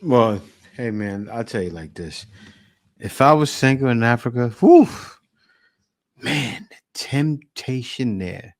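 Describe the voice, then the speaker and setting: A man's voice: medium pitch, big pitch swings, slow pace, no room sound, clean studio sound. A man co-hosting a casual chat, laid-back and agreeable, who also signs off the channel's video. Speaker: co-host and channel owner.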